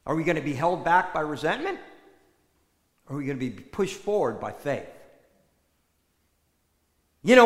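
A man's voice: fairly high pitch, a bit bright. A man preaching a conversational sermon in a large church hall, putting rhetorical questions to the listeners. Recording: echoey hall with long reverb.

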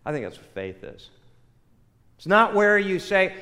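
An older pastor preaching in a sermon, his fairly high voice rising and dropping with lots of movement. He tells his story with animated swings between loud bursts and hushed asides. His words ring out with a long reverb, as in a large church hall. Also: normal speed.

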